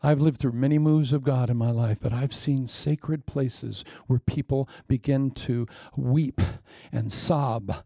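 A preacher delivers a sermon in a gravelly, mellow voice of medium pitch, speaking at a measured pace with hardly any pauses. He tells the story with animation, acting out lines and tossing sudden asides to the congregation. The recording is dry, without any room echo.

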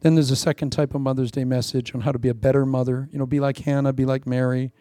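A middle-aged man preaching a sermon in an animated, preacherly way, with playful asides and laughter. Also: mid-range voice, fast talker, no echo, studio quality. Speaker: pastor.

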